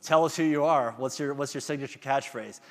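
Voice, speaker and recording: A man voicing a female TV interviewer who gently coaxes a contestant, in an echoey hall. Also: mid-range voice, fairly quick, natural voice. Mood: coaxing. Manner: coaxing, gentle.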